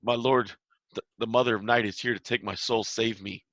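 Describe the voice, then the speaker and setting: A man's voice: lowish voice, fairly even intonation, brisk, a bit bright, no echo, dull audio. A man voicing a frightened male cultist who pleads for his soul and swears obedience. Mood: pleading. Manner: pleading, fearful.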